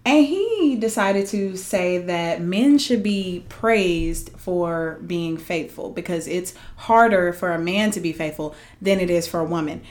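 A woman's voice: lowish voice, expressive, measured pace, hardly any pauses. A woman co-hosting a casual chat show, blunt and sassy, dismissing gossip with repeated one-liners. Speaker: podcast co-host.

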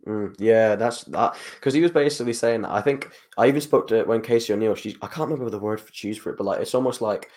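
A man's voice: on the low side, quick pace, hardly any pauses, a little mellow. A man chatting casually on a podcast about covering fights, rambling with lots of fillers like "like" and "you know". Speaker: MMA journalist.

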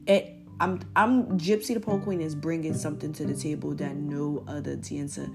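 A woman's voice: deep voice, steady tone, moderate pace, gravelly, music in the background. A woman hosting her own podcast in a rambling, playfully boastful monologue, with an American accent that mixes northern and southern sounds. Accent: American, mixing northern and southern. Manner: chatty, rambling and playfully boastful, addresses listeners as y'all. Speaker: podcast host. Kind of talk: casual solo podcast monologue.

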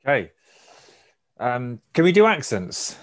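A man's voice: medium pitch, very animated, slow. A man co-hosting a podcast in casual chat, giggly and self-mocking.

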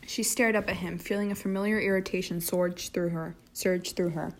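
A woman reading a story aloud at a steady pace, with occasional slips and restarts. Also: lowish voice, normal speed, few pauses. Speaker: fanfiction reader.

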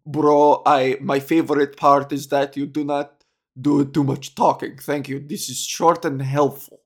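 A man's voice: on the high side, flat delivery, measured pace. A man voicing a grateful male commenter offering earnest, clipped praise.

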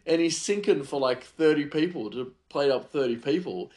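A man's voice: on the high side, normal speed, few pauses, a little mellow. A man, a chef, telling a heated, rambling story about his work, full of fillers and restarts. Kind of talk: casual storytelling monologue.

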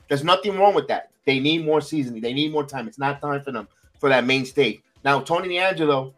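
A man hosting a wrestling recap podcast in casual chat, animated and repeating himself for emphasis. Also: medium pitch. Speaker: podcast host.

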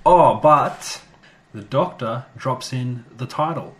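A man co-hosting a podcast in casual chat, animated and quick to jump in with reactions and jokes. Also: medium pitch. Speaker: podcast co-host. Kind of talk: casual chat recapping an episode.

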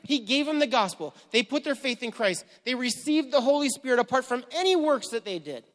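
A man preaching a sermon as pastor, swinging between quiet, measured reading and fervent, emphatic questions. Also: very high-pitched, animated. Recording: long hall reverb.

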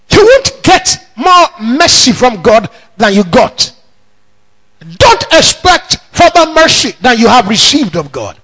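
A man preaching a sermon in a church, shouting bold declarations between slower, emphatic teaching. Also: extremely high pitch, breathy edge, low-quality recording. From Nigeria. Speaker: pastor.

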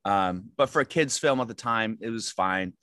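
Low-voiced man rambling through anecdotes. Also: moderate pace, sharp tone, dry recording. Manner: rambling, self-deprecating storytelling with many fillers. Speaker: actor guest. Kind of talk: casual interview chat.

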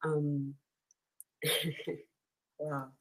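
A woman's voice: low voice, level tone, drawn-out words, low-quality recording. A woman hosting a book chat, reading passages aloud and reacting with laughter and emotion. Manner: emotional, laughs often, exclaims. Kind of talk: casual chat and read-aloud.

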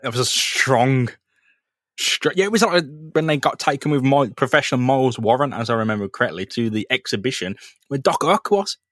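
A man's voice: medium pitch, expressive, a little fast, fairly bright tone, no room sound, clean studio sound. A man co-hosting a podcast, recapping a comic in casual, sweary chat with plenty of laughter. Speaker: podcast co-host.

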